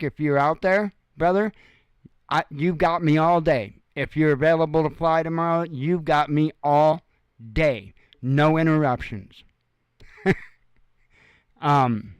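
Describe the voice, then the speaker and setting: Tired, frank man talking slowly. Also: on the high side, clear, resonant tone, dry recording. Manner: frank, rambling, swears freely. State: tired and sore. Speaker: host. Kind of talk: casual monologue.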